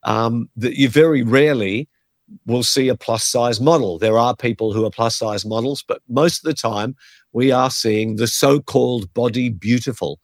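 A man's voice: mid-range voice, normal speed, no room sound, studio quality. A man, a pastor teaching in a conversational, earnest way and giving numbered points. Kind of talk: podcast teaching on faith and health.

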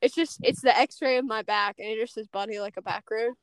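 A woman's voice: on the high side, brisk, creaky, a crowd in the background. A young woman hosting a podcast, chatting casually in a giggly, rambling way full of fillers. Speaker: podcast host. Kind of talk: casual chat.

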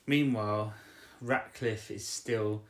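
A man's voice: lowish voice, steady tone, takes it slowly, reverberant. A man casually recapping a TV episode, rambling and correcting himself, often ending with tag questions. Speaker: podcast co-host.

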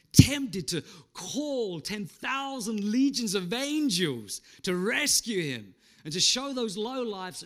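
A man preaching a sermon, swinging between loud and hushed. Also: high voice. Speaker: pastor.

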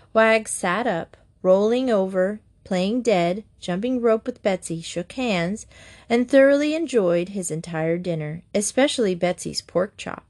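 Woman narrator, mid-pitched, gentle children's-book reading.

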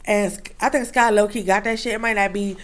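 A woman's voice: medium pitch, fairly even intonation, a little fast. A woman co-hosting a casual chat, blunt and conversational.

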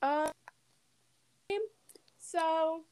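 A teenage girl in casual chat, relaxed and chatty, laughing easily. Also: very high-pitched, very slow.

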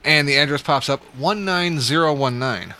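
A man, a podcast co-host who delivers pizza, telling stories in casual, profane, animated chat. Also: fairly high pitch, normal speed. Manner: profane, animated storytelling with laughs.

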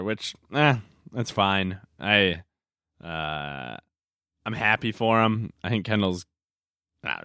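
A man's voice: on the low side, bright, forceful tone, smooth, dry recording, clean studio sound. A young man talking casually on his solo podcast, rambling with lots of fillers and self-corrections. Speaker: podcast host.

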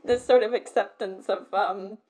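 A woman talking openly in a casual conversation, expressive and candid, often slipping into quoted voices. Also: medium pitch, moderate pace, poor audio. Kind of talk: casual chat.

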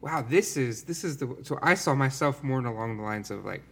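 A man's voice: mid-range voice, lively intonation, fairly quick, gravelly, a bit bright, slightly rough. A man talking earnestly and rambling a little, full of fillers, in a casual conversation about faith.

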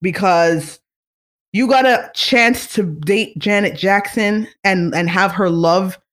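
Excitable fan vlogger, rambling casual chat, mid pitch. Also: slow pace.

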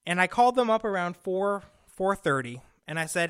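Animated high-voiced male radio host. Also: normal speed, smooth, no echo, studio quality. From Connecticut. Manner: animated, exasperated storytelling with fillers. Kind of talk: casual storytelling monologue. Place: radio studio. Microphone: studio microphone.

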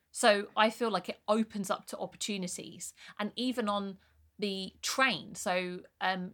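Bright-voiced chatty woman podcaster. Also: medium pitch. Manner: candid, chatty, swears casually. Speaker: podcast co-host. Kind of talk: casual chat.

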